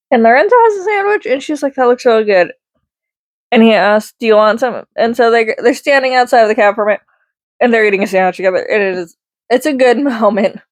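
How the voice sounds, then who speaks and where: A woman's voice: on the high side, lively intonation, brisk, dry recording. A woman giving a casual spoken movie review, rambling, correcting herself mid-sentence and adding chatty asides. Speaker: film reviewer.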